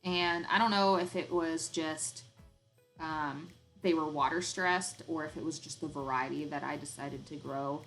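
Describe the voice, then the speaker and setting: Woman host, lowish voice, light Arkansas drawl, rambling and laughing live-stream chat. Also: steady tone, unhurried, fairly bright tone, soft background music, low-quality recording. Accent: light Southern, Arkansas. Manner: chatty and rambling, laughs often, many ums. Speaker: homesteading channel host.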